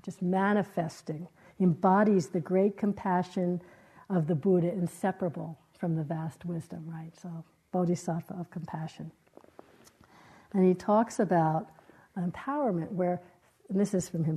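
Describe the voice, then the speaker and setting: A woman meditation teacher giving a dharma talk in a gentle, reflective way, with halting, searching phrases. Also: on the low side, husky, low-quality recording. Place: meditation hall.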